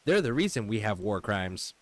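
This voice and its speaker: A man with a fairly low voice talks casually over a game stream. He reads out menu options and drifts into loose, profane tangents. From United States. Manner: loose, profane, chatty asides while browsing menus. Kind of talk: casual gameplay commentary.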